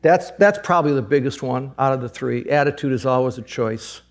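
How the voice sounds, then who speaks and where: A male pastor preaches in an earnest, conversational way, often repeating himself as he builds a point. His voice has a gravelly, creaky texture. He speaks at a mid pitch. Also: a little fast. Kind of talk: sermon.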